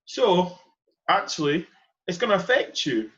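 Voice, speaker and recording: Passionate man, slightly raised pitch. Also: very animated, unhurried, a bit bright, muffled recording. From Edinburgh, Scotland. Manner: passionate, emphatic, repeats key phrases. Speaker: podcast host. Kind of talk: earnest conversational monologue.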